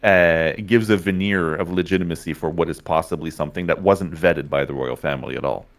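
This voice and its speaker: A man's voice: deep voice, brisk. A man co-hosting a casual livestream, explaining things in an opinionated way and often checking in with "right?". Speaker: livestream co-host.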